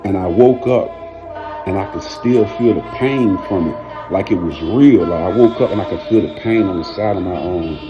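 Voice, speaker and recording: Deep-voiced man chatting casually over music. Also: moderate pace. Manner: slangy, keeps adding "man" and "you know what I'm saying". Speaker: vlog host. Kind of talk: casual storytelling. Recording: music playing under the voice.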